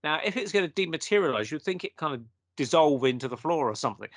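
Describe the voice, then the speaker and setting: A man's voice: fairly high pitch, expressive, fast talker, no echo. A man, a guest telling a story in a casual conversation and acting out the quotes.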